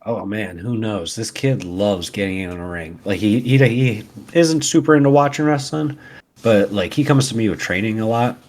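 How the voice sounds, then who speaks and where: A man in his thirties, a wrestler guest, chatting casually and telling stories in a relaxed way. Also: on the low side, normal speed. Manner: relaxed storytelling, laughs easily. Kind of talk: casual interview chat.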